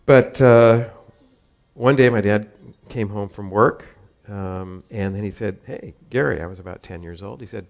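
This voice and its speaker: This Southern California man has a lowish voice with fairly even intonation and a moderate pace. He tells a personal story casually and meanders, chuckling often and using plenty of fillers and restarts.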